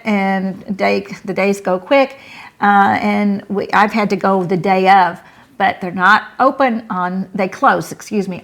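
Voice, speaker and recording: An older woman co-hosting a casual chat, chatty and explaining things with fillers. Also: mid-range voice. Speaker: co-host.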